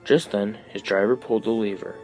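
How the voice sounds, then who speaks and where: A man narrating a children's storybook aloud with an expressive reading. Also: on the low side, brisk, faint music behind, low-quality recording.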